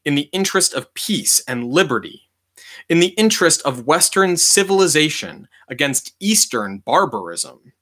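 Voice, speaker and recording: A man reading a history book aloud in a measured, deliberate way, leaning on key words for emphasis. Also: mid-range voice, pushed and bright.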